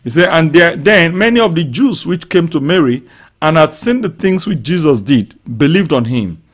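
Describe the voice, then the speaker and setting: A man preaching a sermon in a high-pitched voice for his build. He reads scripture calmly, then turns fervent, crying out, declaring and praying loudly over the people listening. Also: normal speed. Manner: fervent preaching, rising to loud shouts; speaks in tongues and prays aloud over listeners. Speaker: pastor. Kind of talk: live-streamed sermon.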